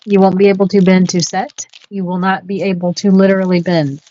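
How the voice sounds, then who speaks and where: A woman's voice: medium pitch, little pitch movement, a little fast, mellow, highs cut off. A woman, co-hosting a casual chat and giving listeners direct advice. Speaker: co-host.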